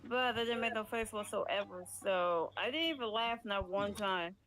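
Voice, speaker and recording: A woman's voice: mid-range voice, moderate pace, fairly bright tone. A woman chatting casually and bluntly on a stream, swearing now and then. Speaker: stream guest on voice chat. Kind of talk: casual chat.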